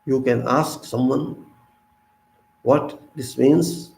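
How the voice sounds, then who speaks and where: A man in his fifties with an Indian English accent, giving an impassioned monologue full of rhetorical questions, swinging between loud and soft. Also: mid-range voice, fairly even intonation, extremely slow, creaky, reverberant, low-quality recording. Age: 50s. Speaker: civic commentator.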